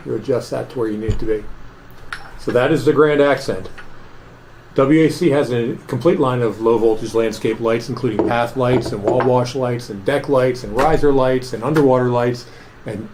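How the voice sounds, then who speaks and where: A man's voice: mid-range voice, normal speed, darkish tone, a little hiss or hum, rough recording. A man giving a product demonstration in an office, explaining each adjustment step by step in a plain, methodical way.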